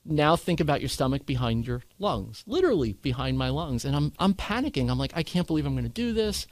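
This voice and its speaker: A man's voice: on the high side, brisk, dry recording. Earnest man telling his story. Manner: earnest, animated when quoting others. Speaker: guest sharing his cancer story. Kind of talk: candid conversational storytelling.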